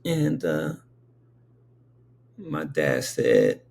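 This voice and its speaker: A man's voice: rumbling low, very animated, slow, creaky, darkish tone, husky. A man in his fifties telling childhood memories in a meandering, conversational way, with frequent asides to the listener. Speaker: storyteller. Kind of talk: casual spoken recollection.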